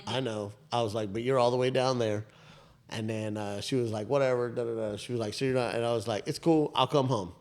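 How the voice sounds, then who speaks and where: Brisk and mid-range, this man's voice carries a casual podcast story he's retelling as a co-host in his thirties. The telling is rambling and animated, with many "I was like" asides, frequent restarts and profanity.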